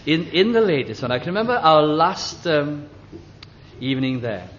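Gentle older man preaching, halting. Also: fairly high pitch, sing-song, muffled recording, slight background noise. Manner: gentle, halting, with many fillers and restarts. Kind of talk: reminiscing sermon.

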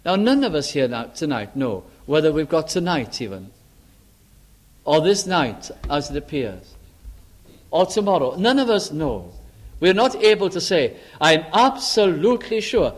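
A man preaching a sermon earnestly, repeating phrases for emphasis and pausing with frequent fillers. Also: on the high side, big pitch swings.

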